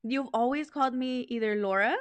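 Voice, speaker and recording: A woman in her thirties chats as a guest on a casual podcast and laughs between her words. Her voice is fairly high, and the recording is dry and close to the mic. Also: a little fast, clean tone, no echo. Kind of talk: casual chat.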